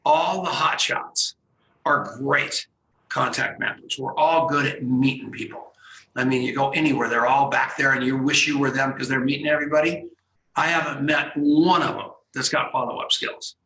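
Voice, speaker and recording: A man hosting a radio talk show, telling an excited story with acted-out dialogue. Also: mid-range voice, moderate pace, echoey room, poor audio. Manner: excited, animated storyteller who acts out dialogue.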